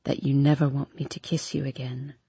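A woman voicing a brooding drunk young man who pleads in a low, slurred murmur. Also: level tone, a little fast, creaky, warm tone, breathy edge, no echo, exaggerated voice.

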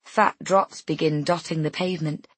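Low, husky woman narrating. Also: steady tone, moderate pace, dry recording. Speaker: audiobook narrator. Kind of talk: first-person fiction narration.

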